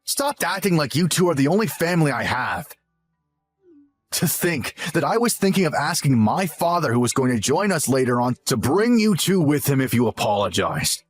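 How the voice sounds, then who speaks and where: A man's voice: fairly high pitch, sing-song, normal speed, faint music behind, voice pushed up. A man voicing a selfish, arrogant young husband who scolds and talks down to his wife. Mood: condescending. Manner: condescending, whiny and scolding. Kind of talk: scripted story narration.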